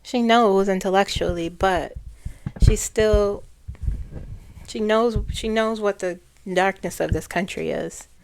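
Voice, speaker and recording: Slow-talking woman psychic rambling. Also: mid-range voice, creaky, smooth. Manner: rambling, trailing off and restarting phrases. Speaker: psychic channeler. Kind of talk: casual spiritual monologue.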